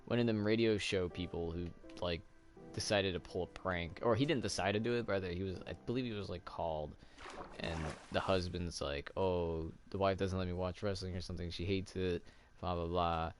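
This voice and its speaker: A man's voice: deep voice, moderate pace, soft background music. A man casually chatting while playing a game, rambling with lots of fillers and little laughs. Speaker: let's play host. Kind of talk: casual gameplay commentary.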